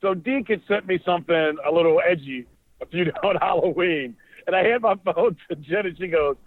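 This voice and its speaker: A man's voice: sits high, lively intonation, normal speed, no echo. A man co-hosting a podcast, chatting in a rambling, conversational way with jokey asides. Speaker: podcast co-host. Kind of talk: casual chat. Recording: dry, tinny phone-like line.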